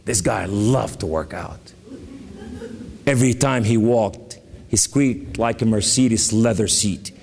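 A man from Lebanon preaching an emphatic testimony sermon with sudden rises and dramatic pauses. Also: lowish voice, vocal fry, darkish tone, big-room sound, a little hiss or hum. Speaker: guest preacher.

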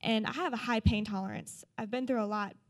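A woman's voice: fairly high pitch, fairly even intonation, fairly quick. A young woman telling a personal testimony to a church group, earnest and full of fillers. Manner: earnest storytelling, many fillers. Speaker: church member sharing a testimony.

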